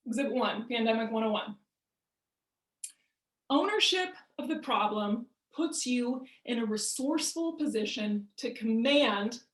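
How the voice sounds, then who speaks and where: A woman's voice: a little high, a bit bright. A woman leading a motivational workshop over a video call, speaking in an emphatic, punchy way and asking rhetorical questions. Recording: roomy echo.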